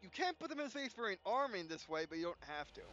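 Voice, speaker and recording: A man hosting a gameplay video, reading tutorial text aloud with halting restarts and yawns. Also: sits high, sing-song, a bit bright, muffled recording. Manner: halting, frequent restarts, yawning. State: yawning.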